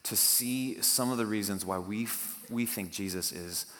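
A man's voice: lowish voice, normal speed, fairly bright tone. Man preaching in an echoing hall. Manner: conversational, reads scripture aloud with dramatic emphasis. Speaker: pastor. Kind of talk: sermon. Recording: long hall reverb.

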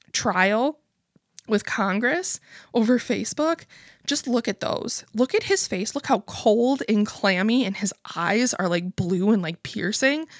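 A woman's voice: fairly high pitch, a bit bright, no echo, studio quality. A young adult American woman hosting a comedy podcast, rambling through a story with lots of swearing and laughing at herself. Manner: profane, rambling, laughs at her own stories. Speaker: podcast host. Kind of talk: casual comedic monologue.

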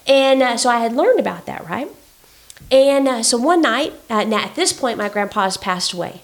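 A woman telling a story in casual chat, animated and indignant, with many fillers. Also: on the high side, moderate pace.

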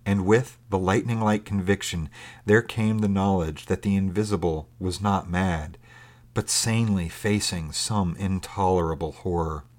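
A man narrating a story in a measured, steady reading. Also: low voice.

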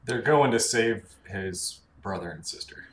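Lower-voiced man chiming in. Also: animated, a little slow, fairly bright tone. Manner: brief interjections and clarifying asides. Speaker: podcast co-host. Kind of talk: casual chat.

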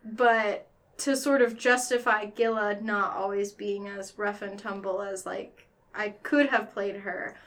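A woman's voice: medium pitch, steady tone, a little slow, fairly bright tone. A woman tabletop player chatting casually, filling her talk with "like". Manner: chatty, lots of filler "like". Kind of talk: casual podcast chat.

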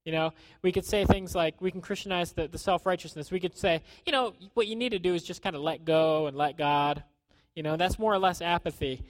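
A man preaching a sermon in a conversational way, acting out quotes and dropping to a hushed tone at times. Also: high voice, fairly quick, dry recording. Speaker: pastor.

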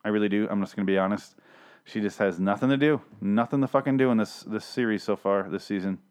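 Guy ranting about a tv episode, swears a lot, rambly and sarcastic, kinda low voice. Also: fast, darkish tone. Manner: profane, rambling, sarcastic, with frequent restarts. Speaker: TV show reviewer. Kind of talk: casual solo recap rant.

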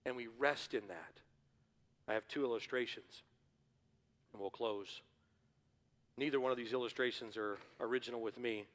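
A man preaching a sermon as pastor in a church, building to forceful repeated refrains. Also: medium pitch, steady tone, moderate pace, pauses often. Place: church sanctuary. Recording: hall reverb.

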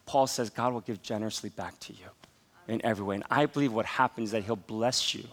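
A pastor in his forties preaching a sermon, telling stories with animated, laughing asides. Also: lowish voice, fast talker.

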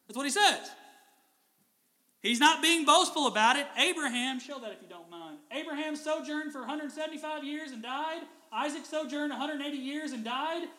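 Animated high-voiced preacher in a reverberant hall. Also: male voice. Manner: animated, acts out biblical figures in casual voices. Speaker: pastor. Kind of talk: sermon.

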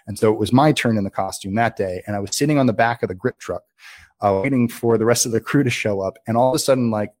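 A man, a filmmaker guest, telling stories in a casual, animated interview, full of filler words. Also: fairly low pitch, no echo, studio quality.

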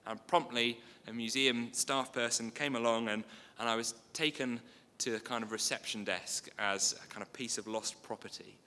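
A man preaches with a bright, forceful tone and an easy, conversational manner. He drops in small asides and light humour between readings. His voice rings with a long reverb, as if in a large hall. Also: mid-range voice, fairly even intonation, moderate pace. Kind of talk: sermon.

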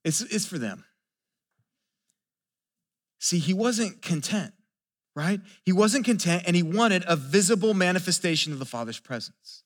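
A man's voice: high-pitched, expressive, a little slow, pauses often. A pastor preaching a sermon. He talks earnestly, keeps asking rhetorical questions and stumbles over repeated words as he builds each point. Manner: asks the listeners rhetorical questions.

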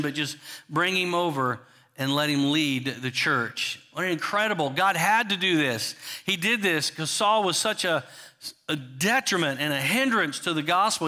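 A man's voice: a little high, bright, forceful tone. A man preaching a sermon in a conversational way, often restarting and asking the congregation questions. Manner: frequent restarts and "you know" asides. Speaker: pastor.

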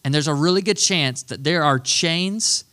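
Bright, upbeat male preacher. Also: a little high, moderate pace. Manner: animated, self-deprecating storyteller. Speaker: pastor. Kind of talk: storytelling sermon.

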